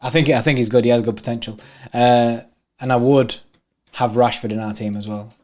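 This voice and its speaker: A man's voice: mid-range voice, steady tone, a little fast, darkish tone. Chatty young man reading chat. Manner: chatty, reads out viewer comments, laughs easily. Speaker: watchalong co-host. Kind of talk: casual live-stream chat.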